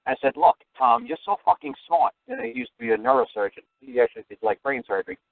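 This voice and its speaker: Brief: rapid, salty male radio host, animated storyteller, thin phone-quality audio. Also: medium pitch, dry recording. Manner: blunt, profane, animated storyteller. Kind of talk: call-in radio talk, storytelling.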